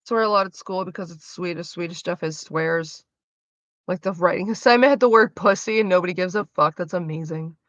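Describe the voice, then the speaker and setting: A woman's voice: on the low side, brisk, no echo, lo-fi sound. A woman livestreaming, answering her chat in a frank, chatty way and swearing freely. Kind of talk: casual chat.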